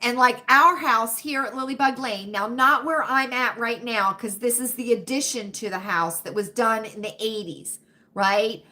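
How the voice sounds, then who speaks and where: Woman, 50s, livestream host, bright high voice, chatty and emphatic with her chat. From United States. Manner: chatty, talks straight to chat, drawn-out emphatic asides. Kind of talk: casual livestream chat with viewers.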